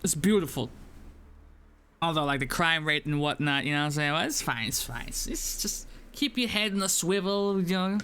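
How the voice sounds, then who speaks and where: A man from Sweden commentating a let's play, excitable and jokey, swearing and throwing in British slang. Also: fairly high pitch, normal speed, clean tone. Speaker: gaming streamer.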